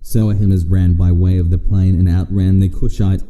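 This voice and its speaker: A man with a low, very dark and mellow voice reads scripture aloud in a steady, measured way. His voice carries a long reverb tail, as if in a large hall. The delivery is calm and even. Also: highs cut off. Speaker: Bible reader. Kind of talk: scripted audio Bible reading.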